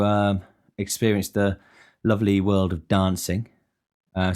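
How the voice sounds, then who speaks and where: A man's voice: on the low side, a little mellow. A man talking alone in a casual monologue as a podcast host, rambling and frank and swearing often.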